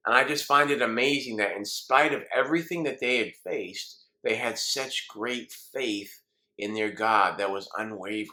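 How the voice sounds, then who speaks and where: Bright-voiced male pastor preaching. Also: lowish voice, moderate pace. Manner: earnest storytelling, voicing the people in the story. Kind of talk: sermon.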